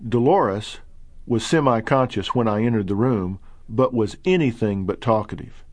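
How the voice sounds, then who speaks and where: A man's voice: on the low side, normal speed, no room sound. Earnest male audiobook narrator, dry studio. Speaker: narrator reading his own book.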